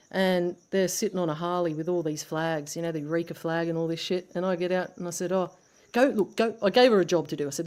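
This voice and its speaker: A woman's voice: fairly low pitch, darkish tone. An Australian woman in casual conversation, telling a blunt, sweary story and acting out what people said. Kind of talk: casual chat.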